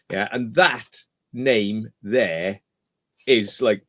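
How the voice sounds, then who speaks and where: A man's voice: medium pitch, measured pace, fairly bright tone. A Welsh man from Wales, a podcast host telling stories in casual chat, blunt and full of swearing.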